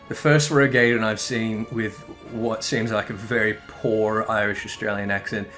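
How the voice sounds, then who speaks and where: A man's voice: lowish voice, little pitch movement, moderate pace, few pauses, fairly bright tone, faint music behind. A man giving casual, rambling gameplay commentary, swearing and correcting himself as he goes. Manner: rambling, profane, self-correcting. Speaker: game commentator.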